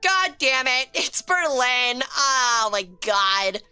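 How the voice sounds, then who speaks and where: Bright high-voiced woman streamer. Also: takes it slowly, smooth, faint music behind. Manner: excitable, swears a lot when frustrated, chats with viewers. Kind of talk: casual live-stream game commentary.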